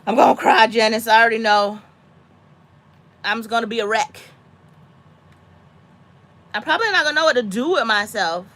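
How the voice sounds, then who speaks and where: A woman in her thirties or forties, a mother talking casually with a friend, animated and dramatic, breaking into high squeaky voices when she quotes herself. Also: normal speed, long pauses. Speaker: homesteading mom chatting with a friend. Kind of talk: casual chat.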